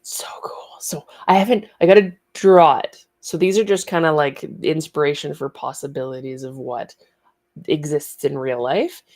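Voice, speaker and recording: A woman's voice: low voice, steady tone, moderate pace, darkish tone. A woman hosting a casual studio livestream, chatty and rambling, laughing easily.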